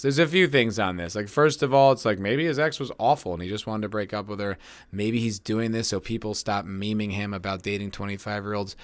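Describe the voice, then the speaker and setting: A man's voice: medium pitch, fairly bright tone, dry recording. Sarcastic man riffing on the news. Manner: sarcastic, rambling, swears freely. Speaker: podcast host. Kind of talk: casual solo commentary reading news.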